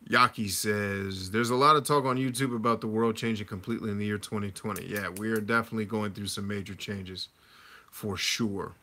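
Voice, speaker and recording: Bright-voiced man chatting on a livestream. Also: on the low side, steady tone, fairly quick. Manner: conversational, reads chat comments aloud and answers. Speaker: livestream host answering chat. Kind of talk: casual livestream chat.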